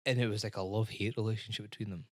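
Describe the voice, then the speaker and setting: A man's voice: lowish voice, fairly even intonation, rapid-fire, no room sound, studio quality. A man with a Scottish accent, co-hosting a podcast and telling a long holiday story in casual chat, swearing and acting out other people's voices. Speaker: podcast co-host.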